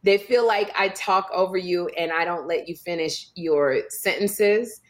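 Take-charge woman podcast co-host. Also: lowish voice. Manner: lively, takes charge, talks fast over others. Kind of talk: casual comedic chat.

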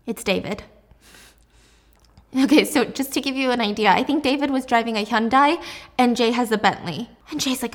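Animated woman recapping a drama. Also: on the high side, normal speed, pauses often. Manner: animated, expressive, laughs often.

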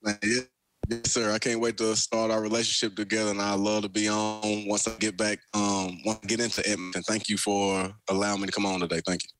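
Deep-voiced young man. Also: a little fast, rough recording. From Alabama, US South. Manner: energetic storyteller, laughs often. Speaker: football player guest. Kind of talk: casual radio interview.

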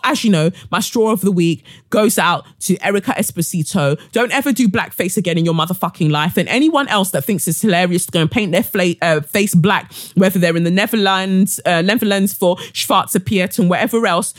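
A woman's voice: medium pitch, dry recording, clean studio sound. A woman hosting a solo podcast, ranting heatedly with profanity and sarcasm. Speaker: podcast host.

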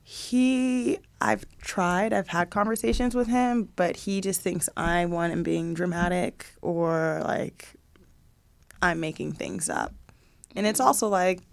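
A woman's voice: on the low side, slow pace, creaky, smooth, dry recording. A young adult woman co-hosting a podcast, candidly telling a personal story in casual chat and quoting her child. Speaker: podcast co-host.

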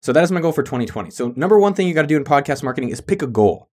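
A man's voice: on the high side, expressive, racing, darkish tone. A man hosting his own podcast in a hyped, jokey, casual monologue with some cussing. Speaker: podcast host.

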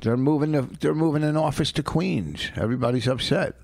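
A man's voice: on the high side, a little fast, vocal fry, a little mellow, no room sound. A man co-hosting a talk show who badgers his partner with questions in blustery casual chat. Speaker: podcast co-host.

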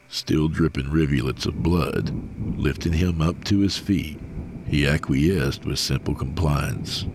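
A man reading a horror story aloud in a slow, measured, grim delivery. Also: a bass voice, darkish tone, a little hiss or hum. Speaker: narrator.

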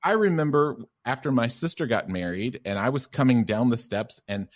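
Middle-aged Southern-born man, mid-pitched voice, loose anecdotal podcast talk. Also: normal speed. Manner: relaxed storytelling, filler-heavy. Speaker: guest sex therapist. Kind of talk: conversational podcast interview.

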